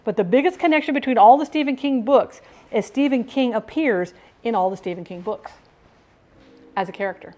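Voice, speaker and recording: A woman's voice: fairly high pitch, fairly quick, a little mellow. A woman vlogging in a rambling, talkative casual chat that jumps between thoughts.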